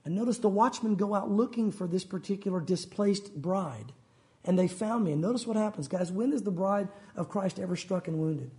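Male preacher with a very high voice, emphatic sermon delivery, acts out quoted voices. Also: a little fast, darkish tone. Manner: acts out quoted voices, rising pitch for pleading lines.

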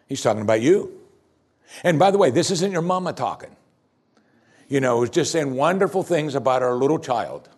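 A male pastor delivering a sermon, building to loud, emphatic repeated declarations. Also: a little high, vocal fry, slightly rough.

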